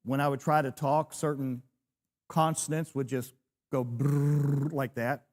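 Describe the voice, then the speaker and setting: A man's voice: medium pitch, steady tone, a little slow. A man in his sixties, a preacher, teaching a church class, telling a personal story with self-deprecating humor.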